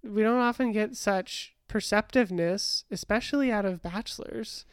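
A young woman co-hosts a podcast, chatting casually about a reality show with plenty of fillers and restarts. Her mid-range voice moves at a moderate pace and sounds clear and resonant. The studio recording is clean, with no room sound.

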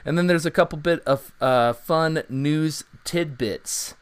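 A man's voice: fairly high pitch, unhurried, smooth, no room sound. Upbeat resonant-voiced man hosting a podcast. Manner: upbeat, rambling lists with restarts. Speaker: podcast host. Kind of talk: casual podcast chat.

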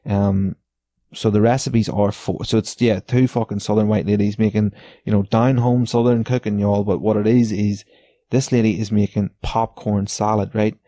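A man's voice: on the low side, flat delivery, normal speed, warm tone, no echo. A man hosting a podcast, ranting in a casual, sardonic way, swearing a lot and laughing between lines. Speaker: podcast host. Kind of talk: casual solo rant.

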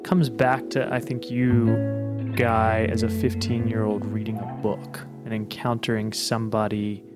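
Earnest man over loud guitar music. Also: lowish voice, little pitch movement. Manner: measured and earnest. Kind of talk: reflective conversation.

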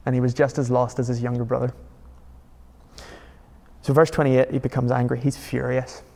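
A man's voice: medium pitch, flat delivery, moderate pace, gravelly, dark tone, long reverb tail. A man preaching a sermon in a conversational, emphatic way, asking his listeners rhetorical questions. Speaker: pastor.

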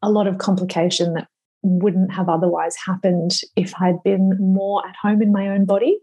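A woman in her thirties, a podcast guest speaking slowly and reflectively, at times emotional. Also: medium pitch, level tone, warm tone, slightly rough. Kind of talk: conversational interview.

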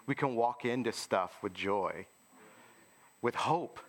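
A man's voice: mid-range voice, slow. Conversational male preacher. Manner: informal, asks the listeners rhetorical questions. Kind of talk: conversational sermon.

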